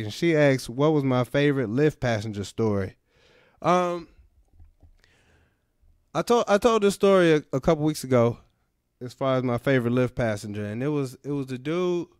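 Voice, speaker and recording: Smooth-voiced man hosting a comedy radio podcast. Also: mid-range voice, no echo, clean studio sound. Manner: laid-back storytelling, repeating punchlines. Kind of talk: comedic monologue. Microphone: studio microphone.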